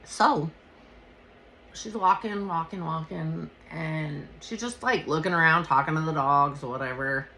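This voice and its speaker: A woman hosting a podcast, telling a personal story in a casual, animated way and swearing freely. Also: sits low, measured pace, slight background noise. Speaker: podcast host.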